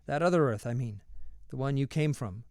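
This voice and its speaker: A man's voice: medium pitch, a little fast, a little mellow, dry recording, clean studio sound, lightly acted. A man reading aloud, voicing a tart, spry old grandmother who brushes off questions. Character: tart old grandmother come back to life.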